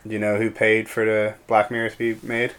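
A man's voice: fairly low pitch, completely flat delivery, a little fast, fairly bright tone, clean tone. A man co-hosting a podcast in casual chat, dry and joking, laughing often. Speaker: podcast co-host.

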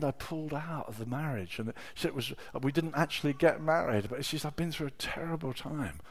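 A middle-aged man preaching a sermon, telling personal stories with emotion, dropping to a hush and then rising to loud exclamations. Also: on the high side. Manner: emotional, swings from hushed storytelling to loud exclamation.

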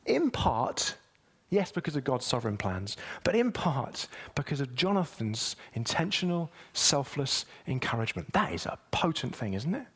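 A man's voice: sing-song, moderate pace, slightly rough. A man preaching a sermon, speaking straight to the congregation and building to emphatic peaks. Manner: emphatic, with wide swings in pitch and loudness.

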